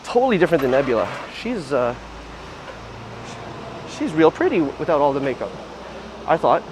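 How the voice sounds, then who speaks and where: A man's voice: fairly high pitch, sing-song, normal speed, background noise. A man hosting a casual livestream outdoors on city streets, chatting in a rambling way with lots of fillers. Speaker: livestream host.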